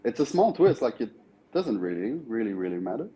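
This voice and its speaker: Mellow-voiced male podcast guest. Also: fairly low pitch, big pitch swings, brisk. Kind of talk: casual fan chat.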